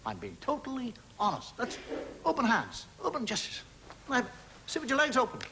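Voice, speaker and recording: A man's voice: very high-pitched, huge pitch swings, moderate pace, sharp tone. A male stand-up comedian in a television studio, telling a confiding monologue to a live audience and acting out little scenes. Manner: conversational, confiding asides to the audience; acts out little scenes with mimed sounds. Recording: noisy old television recording with audience laughter.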